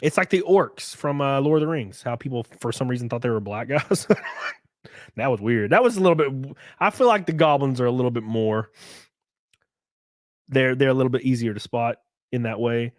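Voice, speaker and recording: A man's voice: mid-range voice, fairly quick, no echo. A man with a Southern US accent chatting casually on a live stream, reading chat aloud, swearing freely and laughing often.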